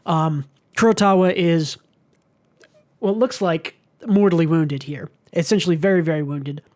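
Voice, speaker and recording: Podcast co-host, mid-pitched voice, loose rambling delivery, casual book club talk. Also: moderate pace. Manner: rambling with many fillers, swears freely.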